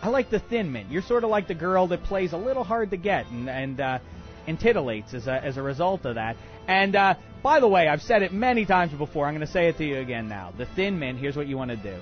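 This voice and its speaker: A man hosting a comedic sports talk radio show, ranting in an excitable, bombastic way with many uhs. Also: a little high, fairly quick, dull audio, soft background music. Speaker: radio host.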